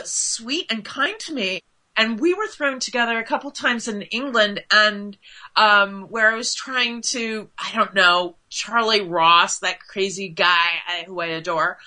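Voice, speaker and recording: A woman guest in a casual interview, chatty and animated, with lots of fillers and quick asides. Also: on the high side, low-quality recording.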